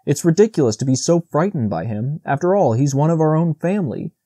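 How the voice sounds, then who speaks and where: A male narrator playing an earnest young buck from a storybook, coaxing and pleading in a slightly lifted voice. The tone stays mellow and is recorded close and dry. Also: fairly high pitch, lively intonation, fairly quick, no room sound, voice pushed up. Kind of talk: audiobook character voice.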